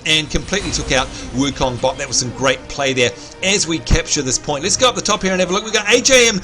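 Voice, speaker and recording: With music playing behind him, this Australian livestream host delivers upbeat live commentary on his own match and talks with his viewers. His voice is a little high and quick-paced, and he sounds slightly hoarse, clearing his throat.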